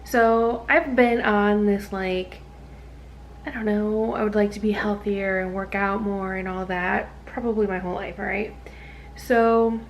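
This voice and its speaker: A tired woman chatting casually to camera in a vlog, gushing and rambling with fillers and soft whispered asides. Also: mid-range voice, slight background noise. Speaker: vlogger.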